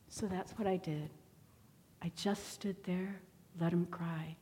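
A woman in her forties gives a storytelling sermon from the pulpit, candid and self-deprecating. Her voice sits a little low. A long church reverb trails after each phrase. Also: steady tone, takes it slowly, dark tone, a little hiss or hum. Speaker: church member giving a sermon. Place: church sanctuary.

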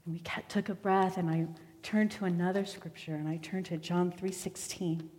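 A woman in her forties telling a personal story as a sermon in church, candid and quick with self-deprecating asides. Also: lowish voice, steady tone, darkish tone. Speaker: church member giving a sermon. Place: church sanctuary. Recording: long hall reverb.

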